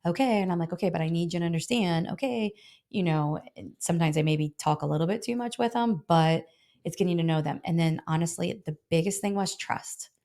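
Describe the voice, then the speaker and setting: Fast-talking woman broker telling stories. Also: lowish voice. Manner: animated, acts out both sides of phone calls. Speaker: health insurance broker, guest. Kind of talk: casual interview storytelling.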